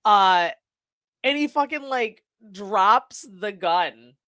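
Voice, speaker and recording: A woman's voice: medium pitch, lively intonation, extremely slow, a bit bright, clean tone, no room sound, clean studio sound. A woman co-hosting a podcast, retelling a movie plot in casual, profane chat and laughing often. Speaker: podcast co-host.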